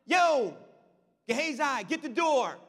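A man's voice: very high voice, sing-song, takes it slowly, a bit bright, in a large hall, heavily acted. A man voicing a laid-back prophet who calls out casual orders in slang. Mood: offhand. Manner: casual, offhand commands, slangy.

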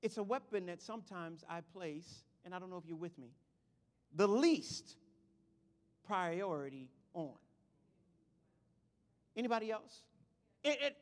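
High-pitched guy preaching a sermon, gets loud then soft, big echoey church hall. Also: measured pace, long pauses. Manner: animated, swings from loud shouting to quiet asides. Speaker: pastor. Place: church sanctuary. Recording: long hall reverb.

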